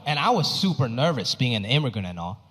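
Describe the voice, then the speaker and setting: Animated man from Hong Kong telling a story. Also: medium pitch, fast talker. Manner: self-mocking storytelling. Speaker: stand-up comedian. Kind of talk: stand-up comedy set. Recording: reverberant theater hall.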